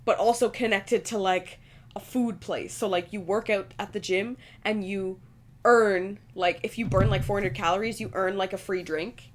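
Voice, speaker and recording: A young woman co-hosting a casual podcast, playful and quick to laugh and chime in. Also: medium pitch, steady tone. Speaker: podcast co-host. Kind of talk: casual chat.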